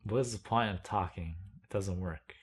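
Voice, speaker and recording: Young man, very low voice, rambling casual monologue, meandering, wry. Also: moderate pace, slightly rough. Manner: meandering, many "like"s, wry and self-mocking. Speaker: video blogger.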